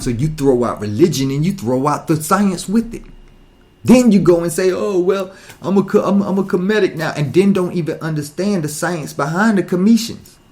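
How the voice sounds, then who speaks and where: Preachy man with lively pitch. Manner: preachy, rhetorical questions, emphatic repetition. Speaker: talk show host. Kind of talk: impassioned monologue.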